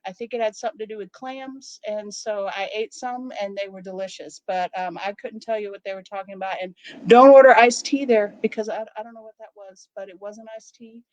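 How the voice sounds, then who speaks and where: A woman co-hosting a casual chat show, reading viewer mail and telling animated stories with many fillers. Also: medium pitch, brisk, dry recording, low-quality recording. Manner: storytelling, animated, filler-heavy.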